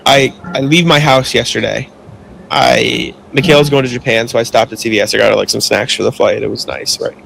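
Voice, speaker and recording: A young man with a gravelly, creaky voice tells a casual story on a podcast. His telling rambles, full of filler words and the odd curse, and his pitch sits in an ordinary middle range. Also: fairly even intonation, fairly quick, fairly bright tone, a little hiss or hum. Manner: rambling, heavy use of filler "like", swears when annoyed. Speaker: podcast co-host.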